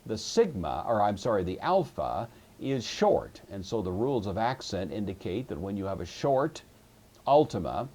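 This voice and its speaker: Low husky man teaching a lesson. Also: big pitch swings, moderate pace, a little mellow. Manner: patient, methodical explaining with occasional fillers. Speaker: Greek teacher. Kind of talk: recorded classroom lecture.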